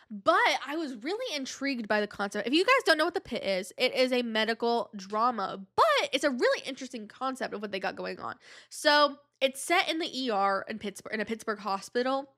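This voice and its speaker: A woman's voice: a little high, a bit bright. A woman hosting her podcast in casual solo chat, rambling and drifting between thoughts, with a stuffy nose. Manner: rambling, digressive, heavy use of "like". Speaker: podcast host.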